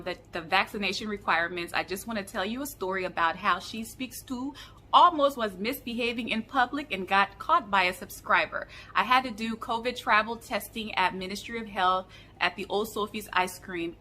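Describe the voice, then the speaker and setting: Bright-voiced chatty woman vlogger. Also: medium pitch, moderate pace, a little hiss or hum. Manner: chatty, animated storytelling with fillers. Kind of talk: casual storytelling vlog.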